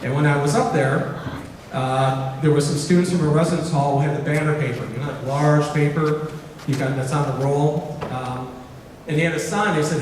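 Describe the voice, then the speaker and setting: A man giving a keynote speech, telling a story and acting out its dialogue in an animated way in a large auditorium. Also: fairly high pitch, normal speed, slight background noise. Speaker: keynote speaker. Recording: echoey hall recorded from far off.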